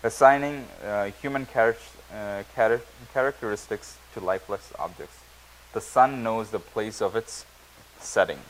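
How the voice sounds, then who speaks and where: A man teaching a Bible study class, reading verses aloud and explaining them, often pausing with fillers and restarting words. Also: fairly low pitch, a little hiss or hum, poor audio. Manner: halting, many fillers and restarts. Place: church classroom.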